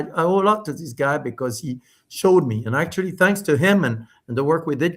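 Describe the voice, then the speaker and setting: A middle-aged man who founded a spirits company tells stories as a guest on a podcast, in a casual interview. His medium-pitched voice is animated, coming out in quick bursts with plenty of restarts and fillers.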